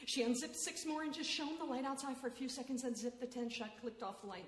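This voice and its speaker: A woman reading a story aloud expressively, with dramatic pauses and hushed suspense. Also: high voice, lively intonation. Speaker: reader. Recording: echoey hall, faint noise.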